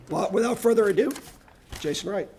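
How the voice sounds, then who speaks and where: A man's voice: high-pitched, animated, fairly quick, darkish tone, a little hiss or hum. A man introducing a guest speaker at a conference, stumbling and correcting himself as he reads. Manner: stumbling, self-correcting reading. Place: university lecture room.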